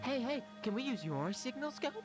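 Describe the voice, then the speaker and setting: A man voicing an excitable alien child, whiny and begging. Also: extremely high pitch, normal speed, music in the background, pitched above the performer's own voice. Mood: pleading. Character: excitable pleading alien kid.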